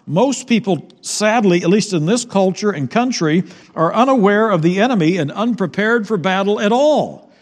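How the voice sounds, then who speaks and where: A man pastor preaching a sermon to his congregation, talking in a relaxed, conversational way with fillers and repeated words. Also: high voice, moderate pace. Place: church sanctuary. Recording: long church reverb.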